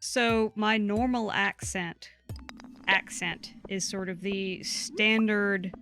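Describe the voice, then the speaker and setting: A woman with a Southern US drawl co-hosts a game stream. She talks in a loose, rambling way at an ordinary pitch and reads viewers' comments aloud between tangents. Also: fairly even intonation, slow, music in the background. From southern United States. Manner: chatty and rambling, reading chat aloud. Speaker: co-host of a game livestream. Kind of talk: casual livestream chat.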